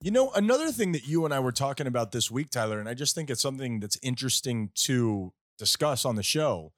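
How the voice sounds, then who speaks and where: A man's voice: medium pitch, big pitch swings, fast talker, a bit bright, dry recording. A man co-hosting a comedy podcast in a casual chat, joking and teasing his partner. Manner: joking, teasing, keeps saying the other host's name. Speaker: podcast co-host.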